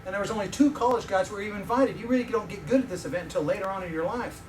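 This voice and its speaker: A man's voice: high voice, very fast, a little mellow, slight background noise. A middle-aged man preaching as a visiting professor, telling personal stories and joking with the audience. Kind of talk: sermon with personal storytelling. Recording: echoey room, mic heard from a distance.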